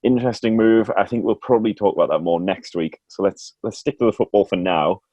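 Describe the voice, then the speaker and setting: A man's voice: lowish voice, steady tone, fairly quick, dark tone, no room sound, highs cut off. A man hosting a casual sports podcast, chatty and self-mocking, laughing often. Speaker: podcast host.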